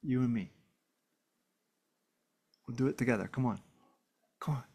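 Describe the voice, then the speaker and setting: A man's voice: medium pitch, normal speed, creaky, warm tone, slightly rough. Male vlogger, earnest heartfelt monologue, emphatic, medium voice. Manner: earnest, emphatic, addresses viewers directly. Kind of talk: casual heartfelt monologue to camera.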